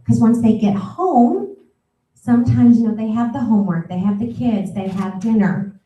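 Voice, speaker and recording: A middle-aged woman giving an upbeat, energetic sales training talk. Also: on the high side, normal speed, lo-fi sound. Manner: upbeat, energetic, peppy coaching. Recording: echoey room, voice from far off the mic.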